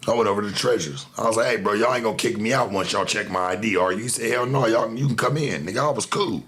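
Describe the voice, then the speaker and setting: A man's voice: fairly low pitch, quick pace, fairly bright tone. A man hosting a show, telling a story in a casual, profane monologue full of street slang. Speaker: show host.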